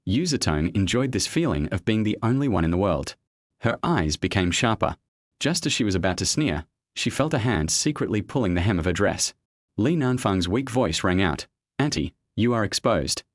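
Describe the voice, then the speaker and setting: A male narrator reads a web novel aloud with steady storytelling. His voice sits low but swings widely in pitch. The recording is dry and close, with no room sound. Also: dry recording.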